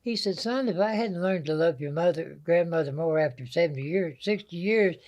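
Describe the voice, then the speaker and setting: Speaking a little fast, an older man with a fairly high-pitched, darkish voice and a Southern American accent shares folksy family stories. He is an anecdotal storyteller appearing as a guest in a storytelling interview.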